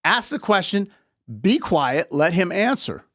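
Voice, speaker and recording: Male relationship coach, higher register, dry close-mic, emphatic and repetitive. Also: big pitch swings, a little slow, a bit bright, no room sound. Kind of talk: live relationship advice talk.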